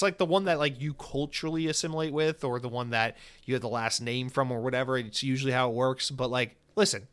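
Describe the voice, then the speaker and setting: Animated, sarcastic male podcast host. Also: medium pitch, smooth. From United States. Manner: animated, profane and sarcastic, with frequent filler words. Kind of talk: casual solo podcast talk.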